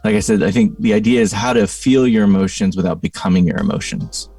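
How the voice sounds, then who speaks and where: A man's voice: lowish voice, quick pace, mellow, far from the mic, faint music behind. A middle-aged man, a podcast guest, telling a reflective story in a thoughtful, conversational way, full of "you know" and "like.".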